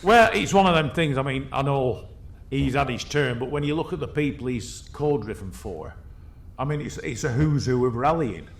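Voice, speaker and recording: A man's voice: medium pitch, expressive, normal speed. A man hosting a casual podcast interview, prompting his guest with brief questions and short acknowledgements. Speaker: podcast host.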